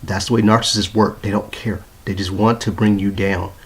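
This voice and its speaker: Husky-voiced man ranting aggrieved. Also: on the low side, level tone, moderate pace. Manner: aggrieved, repetitive, swearing. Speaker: vlogger. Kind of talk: ranting phone video to viewers. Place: apartment bedroom. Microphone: handheld phone.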